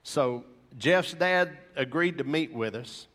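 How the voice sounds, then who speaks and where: A preacher tells his testimony to a room of men, earnest and animated as a storyteller. His voice sits a bit high for a man, and a long hall reverb trails every phrase. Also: slow. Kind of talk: sermon with personal testimony.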